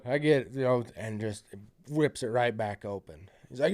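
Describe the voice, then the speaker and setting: Man, from Utah, podcast guest, hunting guide, casual storytelling, middle pitch, rambling, profane, lots of fillers. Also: moderate pace, a little mellow. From South Central Utah. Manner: acts out quoted lines.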